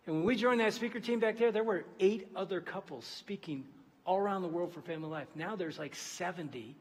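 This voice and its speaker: High-voiced man preaching in a hall. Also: a little fast, husky. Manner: storytelling, dropping to a hushed voice for emphasis. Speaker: pastor. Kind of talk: sermon. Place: large church auditorium.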